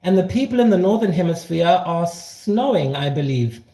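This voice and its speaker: A man giving a casual spiritual talk while he cooks, self-assured and animated, drifting between prophecy and cooking asides. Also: sits high, moderate pace. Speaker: spiritual teacher. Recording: roomy echo.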